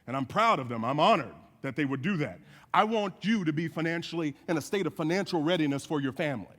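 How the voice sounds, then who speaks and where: A man's voice: fairly high pitch, quick pace. Man preaching in an echoey hall. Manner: animated storytelling with folksy asides. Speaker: guest speaker. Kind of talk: sermon. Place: church sanctuary.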